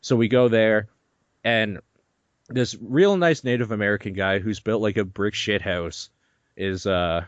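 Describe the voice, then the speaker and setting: A young man hosting a podcast, telling a story in an animated, swearing, laughing way. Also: fairly low pitch, unhurried, dry recording, dull audio. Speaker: podcast host. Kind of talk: casual chat.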